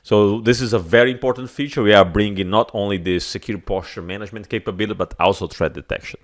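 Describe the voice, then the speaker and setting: A man's voice: on the low side, fairly even intonation, fast. A man with a giving an enthusiastic conference keynote, with small grammar slips. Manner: enthusiastic, with some non-native grammar slips. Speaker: keynote speaker.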